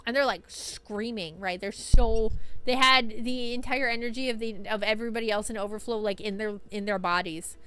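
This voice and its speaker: A young adult woman streamer telling a story in casual chat, excitable, filling her talk with "like" and swinging between loud bursts and mumbled asides. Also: a little high, normal speed, clear, resonant tone. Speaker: streamer recapping an event.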